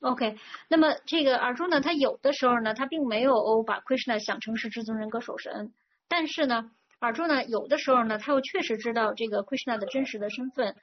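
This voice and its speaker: A woman with a fairly high, slightly fast voice interprets a sermon consecutively, phrase by phrase. She's fluent but leans on frequent fillers, and the dull lo-fi recording carries faint noise.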